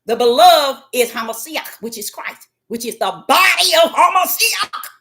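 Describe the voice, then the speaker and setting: Fervent woman preaching, high and lively. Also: measured pace. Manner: fervent, swings from shouting to hushed. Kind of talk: impassioned sermon.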